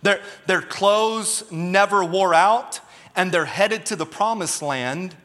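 Bright-voiced preacher man in a hall. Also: high voice, takes it slowly. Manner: emphatic, calls for audience response. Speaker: pastor. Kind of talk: sermon. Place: church auditorium. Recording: long reverb of a large hall.

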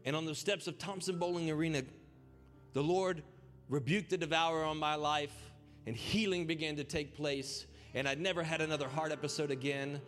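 A young man, a pastor, telling his own story in an animated sermon that rises into a preaching cry. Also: on the high side, normal speed, long reverb tail, faint music behind. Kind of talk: sermon testimony.

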